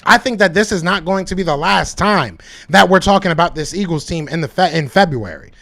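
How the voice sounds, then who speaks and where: Man, podcast host, fan talk to live chat, hoarse, hyped, high-pitched. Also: a little fast, a bit bright. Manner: hyped, emphatic, repeats phrases. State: losing his voice, coughing.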